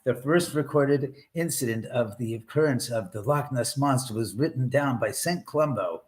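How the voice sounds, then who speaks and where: A man's voice: mid-range voice, moderate pace. A man hosting a live stream from his home, telling a rambling, profane story in a casual way. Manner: rambling, profane, restarts often. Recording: roomy echo.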